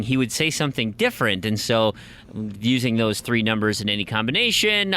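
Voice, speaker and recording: Animated man telling a story. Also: mid-range voice, a little hiss or hum. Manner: animated storyteller, acts out quotes. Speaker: podcast co-host. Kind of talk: casual chat.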